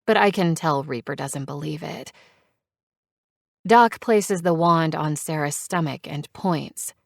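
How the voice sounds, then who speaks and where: Woman, low pitch, dry close recording, romance audiobook narrator. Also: takes it slowly, creaky, no room sound. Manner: expressive, animated character voices.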